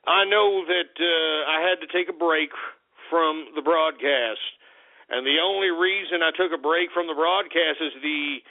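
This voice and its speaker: A man's voice: on the high side, measured pace. A man hosting a talk radio show, rambling in a profane monologue full of fillers and sudden outbursts. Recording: tinny phone-like radio broadcast.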